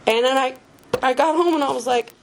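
A woman's voice: high-pitched, a little fast, a little hiss or hum. A woman giving a personal recovery testimony in a candid, casual, self-mocking way, laughing often and swearing freely. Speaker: speaker sharing a recovery story.

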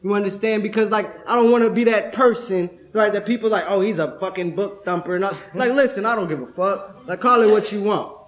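A man's voice: sits high, a little fast, hardly any pauses. A young man speaking at a recovery convention workshop, streetwise and profane, tagging nearly every thought with "right?". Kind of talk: testimony-style workshop talk. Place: convention room.

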